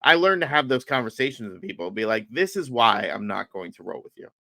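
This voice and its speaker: Animated bright-voiced man telling stories. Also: medium pitch, brisk, creaky, no room sound. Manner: animated storyteller, acts out quotes. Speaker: podcast host. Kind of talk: casual chat.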